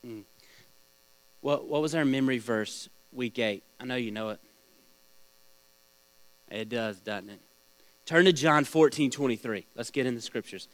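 A man with a medium-pitched voice talks at a measured pace with long pauses while leading a small-group Bible study, asking questions and sharing stories in a conversational teaching style. There's no echo, though the recording is rough.

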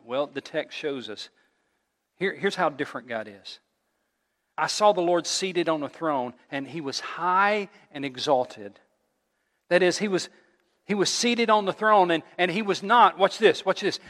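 Male pastor, sermon delivery, higher voice, emphatic with hushed drops, long hall reverb. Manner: emphatic preaching with repetitions and dramatic drops to near whisper.

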